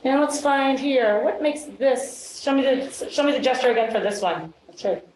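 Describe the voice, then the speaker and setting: Upbeat woman teacher running a phonics lesson, voice a bit high, echoey room with faint hiss. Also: animated, normal speed, a little mellow. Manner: upbeat, encouraging, frequent praise. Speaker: reading specialist. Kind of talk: classroom lesson demonstration.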